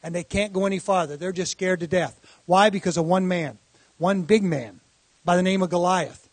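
High-voiced man preaching encouragement. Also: no room sound. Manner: encouraging preaching, quick bursts of speech. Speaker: pastor. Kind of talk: sermon.

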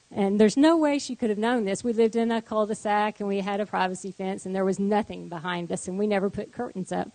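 A woman sharing a personal faith testimony as a guest, telling her story in an animated way. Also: fast, few pauses, no echo, low-quality recording. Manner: animated storytelling, voice rising high in acted quotes, laughing.

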